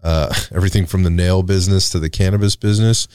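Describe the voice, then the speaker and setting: Low-voiced male podcast host, laid-back, easy prompts, dry close mic. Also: smooth, dry recording. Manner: relaxed, affirming interviewer, quick asides. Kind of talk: casual interview.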